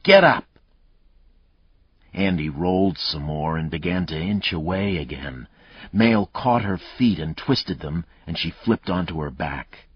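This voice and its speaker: A man reading a thriller audiobook aloud in measured, dramatic narration. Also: low-pitched, breathy edge, no room sound, muffled recording.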